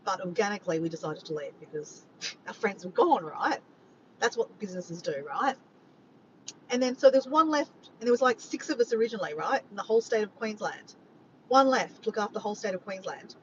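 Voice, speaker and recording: An Australian woman talks casually to her livestream audience, joking, teasing and reading comments aloud in a rambling way. Her voice sits at an ordinary pitch for a woman. The sound is a little dull and lo-fi, with a faint low rumble underneath. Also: animated, normal speed. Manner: chatty, joking, reads chat messages aloud. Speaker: livestream host.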